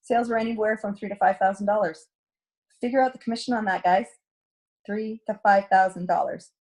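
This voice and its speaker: Husky woman coaching sales. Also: medium pitch, fairly even intonation, fairly quick, darkish tone. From Canada. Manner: chatty, storytelling, acts out quoted dialogue. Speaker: direct sales team coach. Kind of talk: sales training talk.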